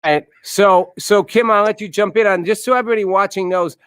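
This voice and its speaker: Casual talk show host, dry sound. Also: male voice, sits high, quick pace, fairly bright tone, clear, resonant tone, no echo. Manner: casual, questioning, restarts sentences. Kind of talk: live video talk show.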